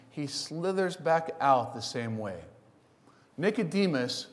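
Emphatic preacher with hall echo. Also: male voice, a little high. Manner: emphatic, repetitive contrasts. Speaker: pastor. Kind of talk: sermon.

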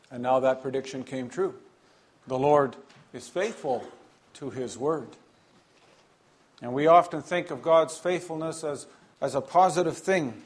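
A man preaching an earnest sermon, emphatic and measured, with pauses and some repeated words. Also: mid-range voice, a little mellow.

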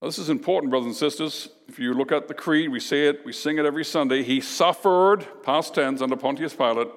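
A man preaching a sermon as pastor, emphatic, with dramatic pauses and repeated lines. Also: fairly high pitch, big-room sound.

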